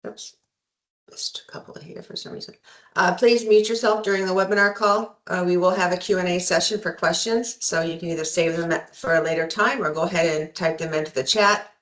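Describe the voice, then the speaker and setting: A woman opens a webinar over a video call, welcoming attendees and covering the housekeeping notes. Her voice sits a little low for a woman, and her delivery is polite and orderly with the occasional um. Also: fairly even intonation, fairly quick, few pauses, a bit bright. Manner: polite, scripted-sounding welcome with some ums. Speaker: webinar moderator. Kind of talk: webinar introduction.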